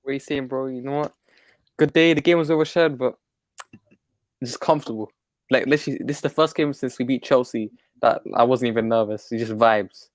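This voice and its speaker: A man's voice: mid-range voice, brisk, no echo. Chill guy co-hosting a football chat, dry close sound, laid-back. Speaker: co-host.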